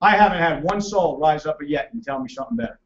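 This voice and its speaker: A man presenting a financial seminar to a live audience, loud, emphatic and hectoring as he teases the crowd. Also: a little high, fast talker. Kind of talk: motivational seminar lecture. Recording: echoey, distant, dull room recording.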